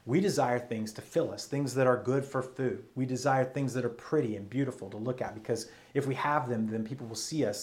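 A man's voice: mid-range voice, a little mellow. A man preaching a teaching sermon, reading passages aloud and then explaining them step by step.

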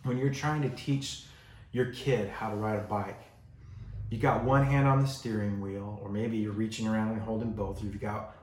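A male pastor preaching a sermon in a relaxed, conversational way, acting out the voices he quotes. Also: fairly low pitch, reverberant. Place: church sanctuary.

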